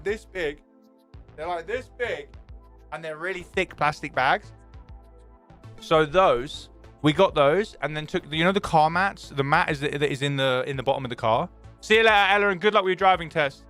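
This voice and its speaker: Chatting casually on a stream, a young British man with a fairly high-pitched voice gets excitable and swears freely. He swings back and forth between loud enthusiasm and mock gloom.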